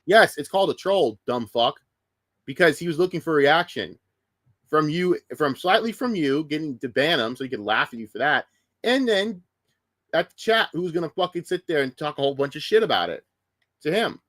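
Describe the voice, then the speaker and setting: A man's voice: a little high, animated, moderate pace, a bit bright, no echo, clean studio sound. Profane ranting male streamer. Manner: profane, heated, sarcastic. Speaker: streamer reacting to news. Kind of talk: casual ranting commentary.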